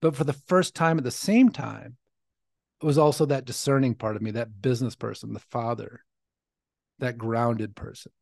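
A man's voice: medium pitch, normal speed, creaky, dry recording. Earnest man telling his story, dry sound. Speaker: podcast host. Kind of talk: personal storytelling monologue.

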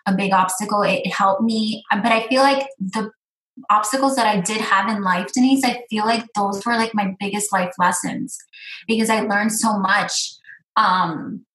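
A woman's voice: mid-range voice, fairly bright tone. A woman chatting earnestly as an interview guest, rambling with many fillers. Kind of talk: casual interview chat. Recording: roomy echo.

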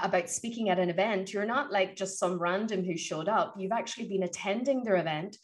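Motivational woman speaking coach. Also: mid-range voice. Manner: energetic, motivational, animated retelling. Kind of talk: conversational interview, storytelling.

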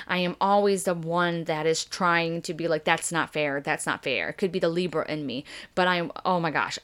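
Bubbly lady hosting a podcast workshop, talks fast n loud, kinda lowish voice, super chatty. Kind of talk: casual guided workshop talk.

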